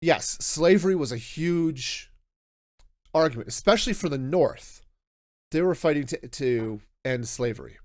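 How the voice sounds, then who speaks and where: A man hosting a podcast, talking through a book review in a casual, animated way, often restarting his sentences. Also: on the high side, no echo, studio quality. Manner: animated, self-interrupting with restarts and laughs. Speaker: podcast host.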